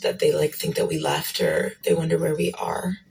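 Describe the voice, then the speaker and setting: A woman's voice: low voice, big pitch swings, normal speed, vocal fry, a little mellow, poor audio. A woman musing casually, asking listeners questions and wandering between thoughts.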